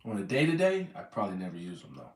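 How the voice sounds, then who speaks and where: A man's voice: sits low, wildly swooping pitch, fast, a little mellow. Rambling American man, roomy distant sound. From United States. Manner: rambling, self-correcting, repeats words. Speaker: vlogger. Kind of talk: casual livestream chat.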